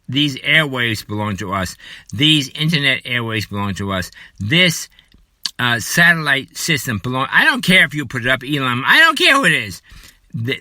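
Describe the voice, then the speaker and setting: Furious ranting man, sharp voice. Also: no room sound. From United States. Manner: furious, shouting, repetitive, later apologetic and lower. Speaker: political commentator. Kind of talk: angry political rant.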